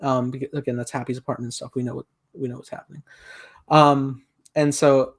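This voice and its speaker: A man's voice: medium pitch, little pitch movement, fairly quick. A young man co-hosting a casual film review podcast, animatedly retelling scenes and acting out quoted lines. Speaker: podcast co-host.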